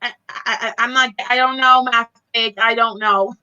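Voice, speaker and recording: A woman's voice: a little high, steady tone, normal speed, pushed and bright, clear, resonant tone, muffled recording. An American woman in casual chat as co-host, giggly and often breaking into laughter. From United States.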